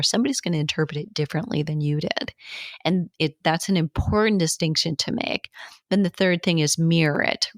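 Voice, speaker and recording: Low-voiced woman teaching coaching tips. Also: dry recording, clean studio sound. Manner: conversational, repeats points for emphasis. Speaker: coaching instructor. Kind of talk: informal teaching talk.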